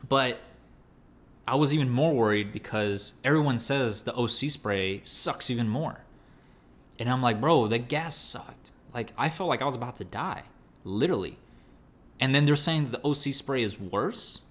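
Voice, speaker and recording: A young man telling a story in casual, animated speech, full of slang, fillers and restarts. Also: medium pitch, normal speed. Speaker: storyteller recounting training.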